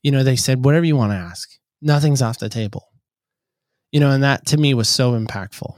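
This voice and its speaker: A man's voice: mid-range voice, a little fast, a little mellow, dry recording, studio quality. A man being interviewed as a guest, telling stories in an earnest way and acting out the voices he quotes. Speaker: podcast host, guest. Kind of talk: conversational storytelling.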